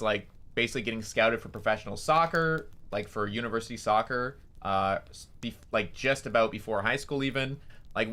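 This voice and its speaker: A man's voice: mid-range voice, sharp tone. A young man, a streamer, telling a story casually, rambling with lots of fillers and swearing.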